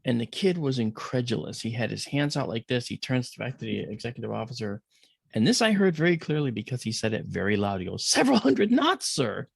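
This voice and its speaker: A man's voice: medium pitch, animated, fast, creaky, no room sound, clean studio sound. A middle-aged man as a podcast guest, telling a story in casual conversation and acting out the voices of the people in it.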